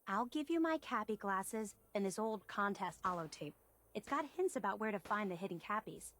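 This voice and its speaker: A woman voicing an eager female collector obsessed with a soft drink, speaking with bubbly enthusiasm in video game dialogue. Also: animated, moderate pace, a little hiss or hum, lightly acted. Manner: enthusiastic, bubbly sales pitch.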